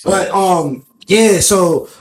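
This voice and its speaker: A young adult man hosting a casual podcast, telling animated stories, mimicking his friends and swearing a lot. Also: high voice, extremely slow. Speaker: podcast host. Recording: echoey room, faint noise.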